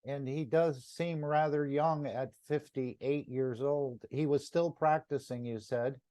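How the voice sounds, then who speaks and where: Man, meeting participant, reflective, dark and dry voice. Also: mid-range voice, steady tone, no room sound. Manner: slow, gentle and reflective. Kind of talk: casual group-meeting talk.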